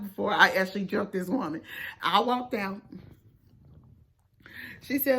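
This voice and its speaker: A young woman telling a personal story in a casual vlog, animated and acting out the quotes with lots of fillers. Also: medium pitch, normal speed, vocal fry.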